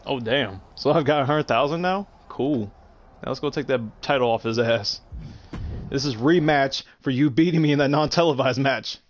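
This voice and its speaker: A man's voice: medium pitch, normal speed, slight background noise. A young man doing gameplay commentary, swearing and trash-talking the game in frustration. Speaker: gameplay streamer. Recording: game sounds loud behind.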